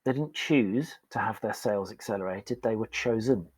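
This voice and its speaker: This man is a performance coach guesting on a podcast, telling frank stories about his earlier work and poking fun at himself along the way. He speaks at a moderate pace in a lowish, slightly rough voice, recorded with no echo.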